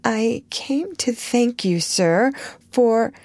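A woman's voice: on the high side, sing-song, moderate pace, no echo, pitched above the performer's own voice. A woman voicing a shy, timid young girl in a storybook reading.

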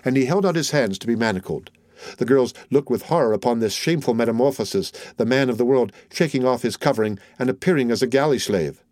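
A man narrates an audiobook of a classic novel, reading from a script in a steady, measured, mid-pitched voice. The recording is dry and close-miked, with no room sound at all.

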